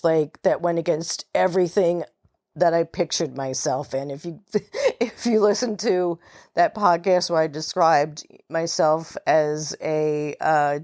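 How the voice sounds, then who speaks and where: Low, unhurried New York woman. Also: darkish tone, no room sound, studio quality. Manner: chatty, laughs often, many fillers. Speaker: podcast host. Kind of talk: casual solo podcast talk.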